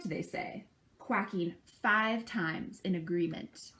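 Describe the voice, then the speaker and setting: A woman's voice: mid-range voice, expressive, unhurried. A woman reading a picture book aloud to children at a library, stopping to chat and imitate bird calls with them. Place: library program.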